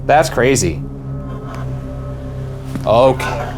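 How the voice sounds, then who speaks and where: A man's voice: mid-range voice, very animated, drawn-out words, over music. A man investigating a house on a ghost hunt, calling out to spirits in the empty rooms and reacting nervously. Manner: jittery, talks to the empty room, startled outbursts. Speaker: co-host, paranormal investigator. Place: inside a family house.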